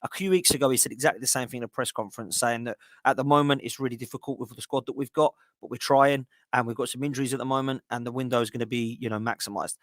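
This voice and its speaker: A man's voice: mid-range voice, fairly bright tone, no room sound, studio quality. A man hosting a football podcast, ranting with frustration. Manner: fast, exasperated ranting. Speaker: podcast host. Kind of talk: heated casual podcast chat.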